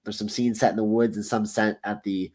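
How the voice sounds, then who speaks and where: A man's voice: fairly low pitch, flat delivery, brisk, darkish tone. A man on a podcast, casually and analytically pointing out details of a film. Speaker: podcast panelist.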